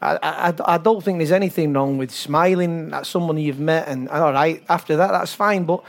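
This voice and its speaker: Older English man, football coach, lively raconteur; slightly high voice, chatty interview guest. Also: normal speed, gravelly. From England. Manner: animated storyteller, laughs often, acts out voices. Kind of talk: talk-show interview.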